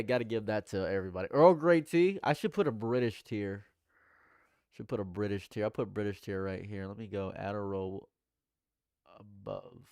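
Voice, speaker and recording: A young man doing live reaction commentary, jumping between loud exclamations and low repeated mutters while bantering with his chat. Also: clean tone, no room sound, studio quality. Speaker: livestream commentator.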